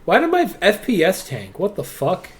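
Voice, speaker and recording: A man's voice: high-pitched, huge pitch swings, normal speed. Rowdy swearing young male streamer. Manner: loud, swearing, playful. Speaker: stream co-caster. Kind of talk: casual live stream banter.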